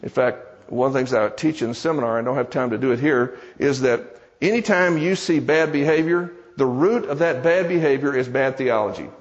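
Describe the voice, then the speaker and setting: A man's voice: mid-range voice, a little fast, hardly any pauses, in a large hall, muffled recording. A man preaching a sermon in church, telling a story with conversational, joking asides to the congregation. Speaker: preacher and seminar teacher.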